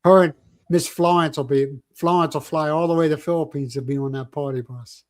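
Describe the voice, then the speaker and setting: A man's voice: on the high side, fairly even intonation, fairly quick, a little mellow. An older man hosting a casual livestream chat, telling rambling stories and joking with viewers. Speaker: livestream host.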